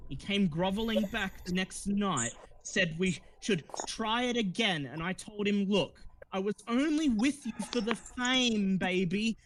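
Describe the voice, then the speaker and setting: A man's voice: high-pitched, unhurried, few pauses, a bit bright, a little hiss or hum, pitched above the performer's own voice, low-quality recording. A man voicing a young woman, an aspiring actress who fakes sobs and plays up her worry. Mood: frank. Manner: theatrical, fake sobbing, dramatic.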